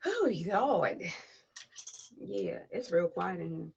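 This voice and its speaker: A woman's voice: lowish voice, big pitch swings, slow, gravelly, long pauses, darkish tone, breathy edge, lo-fi sound. A woman hosting a poetry livestream who reads a spoken word piece and then chats casually, greeting viewers and people passing by name. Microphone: tablet device.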